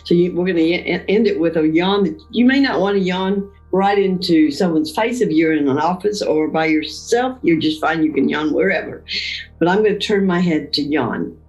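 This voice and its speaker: A woman leading a guided Christian mindfulness session, talking slowly and gently through breathing exercises. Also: on the low side, soft background music, poor audio. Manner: slow, gentle spoken guidance of breathing. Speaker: mindfulness leader.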